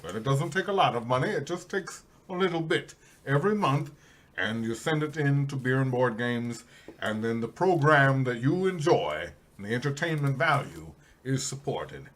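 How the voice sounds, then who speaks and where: A man doing an impression of a famous older narrator, pitching a patron drive in slow, grave, low tones. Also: expressive, fairly bright tone, close to an everyday voice. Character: impression of a famous deep-voiced male narrator, older, grandiose.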